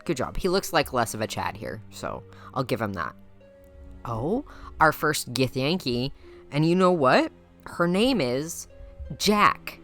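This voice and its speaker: Low-voiced woman, teasing and mock-dramatic. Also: sing-song, takes it slowly, faint music behind. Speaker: YouTuber judging viewers' game characters. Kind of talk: playful commentary.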